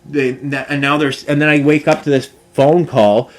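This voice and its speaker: A man's voice: on the high side, little pitch movement, moderate pace. A man venting to camera in a rambling vlog rant, talking in long run-on sentences with lots of filler phrases. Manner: frustrated, run-on storytelling full of filler phrases. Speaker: vlogger.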